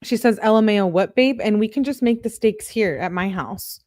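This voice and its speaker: A woman's voice: mid-range voice, moderate pace, darkish tone, dry recording. A young woman reading text messages aloud as a true crime commentator, with casual chatty asides.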